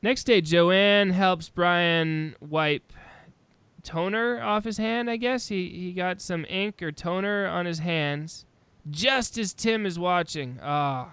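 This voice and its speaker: A man's voice: high-pitched, takes it slowly, fairly bright tone, clear, resonant tone, no echo. A man hosting a casual podcast chat, recapping a horror film's plot and laughing often. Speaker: podcast host.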